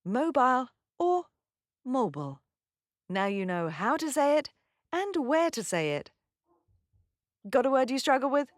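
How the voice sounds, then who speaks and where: Bright, lively woman teaching pronunciation. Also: high voice, normal speed, long pauses, dry recording, studio quality. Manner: clear, careful enunciation. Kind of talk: scripted pronunciation lesson.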